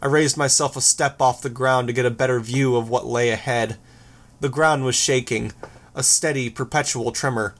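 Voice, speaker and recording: A man's voice: mid-range voice, fairly even intonation, moderate pace. Man reading a first-person novel. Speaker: audiobook narrator.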